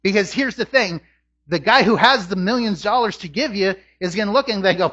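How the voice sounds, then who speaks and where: A man's voice: high voice, fairly quick, bright, forceful tone. A man preaching a sermon as a pastor, earnest, his voice climbing on rhetorical questions. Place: church sanctuary. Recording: dull lo-fi church recording.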